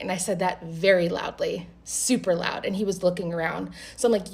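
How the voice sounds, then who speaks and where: Blunt, animated woman telling a story. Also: lowish voice, moderate pace. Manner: animated, blunt, swears freely. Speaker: vlogger. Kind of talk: casual storytime.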